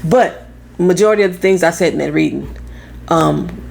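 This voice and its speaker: Loud, blunt St. Louis woman with gravelly fry. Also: lowish voice, moderate pace, slight background noise. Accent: Southern-tinged Midwestern American. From St. Louis, Midwest US. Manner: loud, blunt, swears freely, laughs often. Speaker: tarot reader. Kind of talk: casual vlog monologue.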